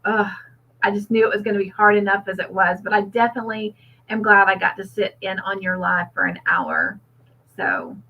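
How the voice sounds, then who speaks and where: Husky, with vocal fry at a medium pitch, this livestream host reads out viewer comments and chats back in a relaxed way. She's warm toward her audience and laughs a lot; the lo-fi recording is slightly dull.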